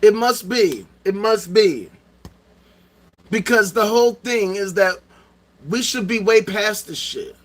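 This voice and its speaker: Middle-aged guy ranting on stream, high voice, cussing a lot, says the same thing over and over. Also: takes it slowly, pauses often. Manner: loud, profane, repetitive rants. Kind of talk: ranting livestream monologue.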